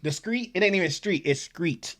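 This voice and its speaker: Lively, joking reaction host. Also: mid-range voice, fast talker. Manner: loud, joking, expressive. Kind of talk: casual commentary.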